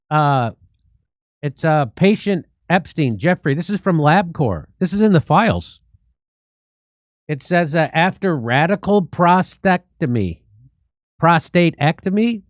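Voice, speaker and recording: Man, comedy host, sarcastic, satirical commentary, animated pitch, dry close sound. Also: unhurried, pauses often, dry recording. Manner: sarcastic, joking, mocking.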